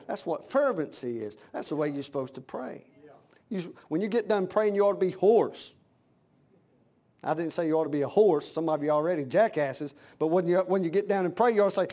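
A male preacher with a high voice delivers a sermon in a fervent, folksy way. His plain talk builds into loud, impassioned cries, then drops back to a conversational tone. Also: expressive, brisk.

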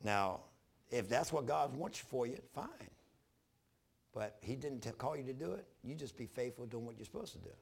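Male pastor, gravelly and a bit husky, folksy sermon storyteller. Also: medium pitch, normal speed. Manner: folksy storytelling with animated retold dialogue.

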